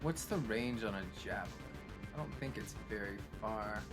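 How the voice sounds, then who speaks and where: A man's voice: lowish voice, normal speed, over music. A man running a tabletop game as game master, explaining rules and describing scenes in a casual, laughing way.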